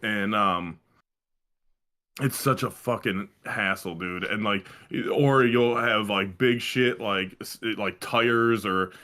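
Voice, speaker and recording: A man's voice: fairly low pitch, takes it slowly, pushed and bright. A young man co-hosting a casual podcast, telling rambling stories full of swearing and fillers. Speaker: podcast co-host. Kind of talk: casual chat.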